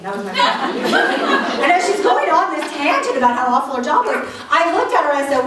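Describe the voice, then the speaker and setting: A woman's voice: high-pitched, fairly quick, hardly any pauses, a crowd in the background. A woman giving a humorous motivational talk to a live audience, telling stories with lots of laughs and acted-out quotes. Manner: animated storytelling with frequent laughs and acted-out quotes. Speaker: keynote speaker. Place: large hall with a live audience. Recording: echoey hall, distant mic, audience noise.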